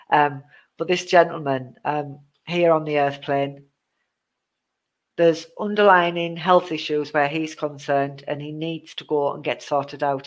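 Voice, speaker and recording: Over a glitchy live-stream connection, a deep-voiced woman does a psychic reading in a repetitive, chatty manner, laughing whenever the tech acts up. The audio quality is poor.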